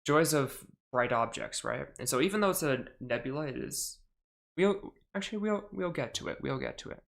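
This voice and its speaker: Very animated and somewhat bright, this young man's higher-pitched voice carries vocal fry at a normal speed. Hosting a charity live-stream podcast, he chats loosely about astronomy, rambling and fixing his own words along the way.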